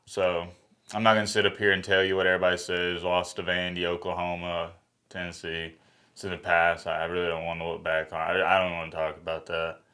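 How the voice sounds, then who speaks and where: A man, a sports YouTuber, talking in a dejected, halting way, sighing and close to tears in a reaction vlog. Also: low-pitched, completely flat delivery, bright, forceful tone.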